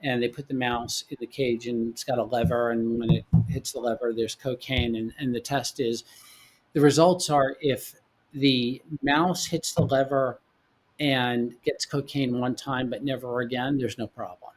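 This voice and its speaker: A man in his forties, a podcast guest, telling his own story in a halting way, often repeating words as he goes. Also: medium pitch, steady tone. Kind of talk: candid personal storytelling.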